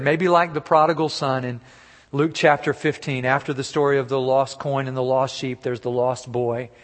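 A male pastor delivers a sermon in a somewhat high voice. He climbs loud and bright for emphasis, then sinks quiet when he quotes. The sound carries a long reverb from a large sanctuary.

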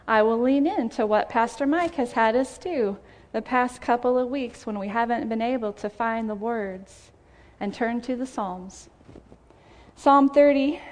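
A woman pastor preaching a heartfelt sermon and reading scripture in a church. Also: a little high. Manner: heartfelt, tearful gratitude, measured scripture reading. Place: church sanctuary.

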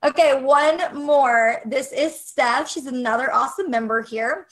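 A woman's voice: high-pitched, unhurried, low-quality recording. A woman coaching photographers on a casual livestream, upbeat and encouraging, speaking straight to her viewers.

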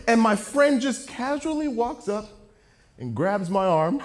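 A man preaching a sermon, telling a story with jokes in an animated, self-mocking way. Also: very high-pitched, unhurried.

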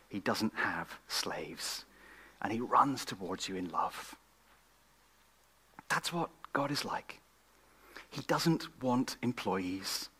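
A man preaching a sermon at a church gathering, swinging from loud emphatic questions to hushed, whispered lines. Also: fairly low pitch, slightly rough. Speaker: guest preacher.

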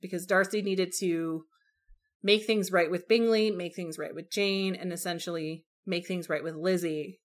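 A woman co-hosting a casual book discussion podcast, animated and acting out characters' lines. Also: on the low side, normal speed. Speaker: podcast co-host.

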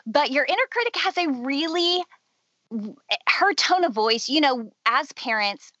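A woman's voice: on the high side, sharp tone, dry recording, highs cut off. A middle-aged woman and mother, a guest on a faith podcast, speaking earnestly and acting out inner voices. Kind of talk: faith-based podcast conversation.

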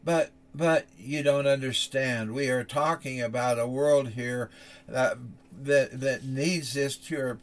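A man preaching, telling a dramatic story that swings from loud urgency to hushed softness and acts out the voices in it. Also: mid-range voice, steady tone, slow. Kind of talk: sermon illustration, dramatic storytelling.

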